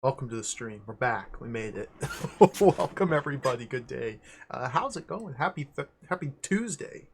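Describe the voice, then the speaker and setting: This is a man hosting a casual game livestream. He greets his chat one name after another. He laughs often and his voice leaps upward when he gets excited. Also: medium pitch, normal speed, gravelly, slight background noise. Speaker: livestream host.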